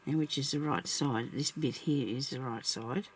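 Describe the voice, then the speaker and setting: A woman's voice: rumbling low, normal speed, slight background noise. A woman vlogging as she crafts, chatting casually and thinking aloud, laughing often at herself.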